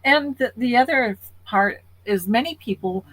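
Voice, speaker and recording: A woman co-hosting a podcast, explaining her points in an earnest, measured way. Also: fairly high pitch, expressive, a bit bright, low-quality recording. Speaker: podcast co-host. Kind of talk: casual podcast talk.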